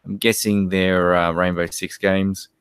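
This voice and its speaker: A man's voice: low-pitched, little pitch movement, a little slow, clean tone, no echo, clean studio sound. A young Australian man co-hosting a live stream, reading viewer comments and telling rambling stories. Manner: rambling, laid-back storytelling with many fillers.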